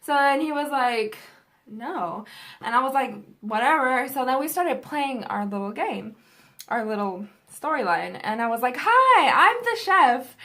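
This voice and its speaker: A woman's voice: a little high, moderate pace. A young adult woman vlogger telling a story in a casual, rambling, profane way.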